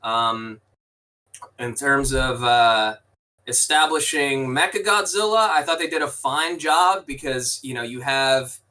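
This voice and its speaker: Bright-voiced man rambling about a movie. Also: medium pitch, slow pace, recorded from a distance, rough recording. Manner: rambling, restarts sentences, swears casually. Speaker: podcast co-host. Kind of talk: casual movie review chat.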